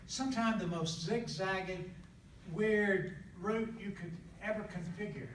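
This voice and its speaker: An older evangelist from the American South tells stories in a folksy, animated way that often breaks into laughter. His voice sits unusually high for a man. He is recorded from a distance in an echoey room with a faint hiss underneath. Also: a little slow. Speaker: traveling evangelist guest. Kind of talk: storytelling testimony in conversation.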